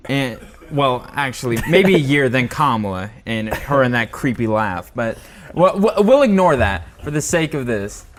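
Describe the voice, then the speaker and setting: A man's voice: medium pitch, animated. A man co-hosting a talk show, speaking cautiously and choosing his words carefully. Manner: cautious, measured, searching for words. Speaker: co-host. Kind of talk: casual talk show discussion.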